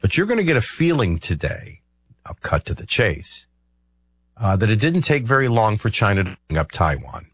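Low husky-voiced male radio host. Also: sing-song, normal speed, no echo. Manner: rambling, explanatory, with filler ums and uhs. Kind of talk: conversational political commentary.

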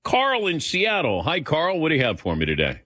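A man's voice: a little high, wildly swooping pitch, normal speed, pushed and bright, no echo, studio quality. A man in his sixties hosting a call-in sports radio show, chatty and laughing often. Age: 60s.

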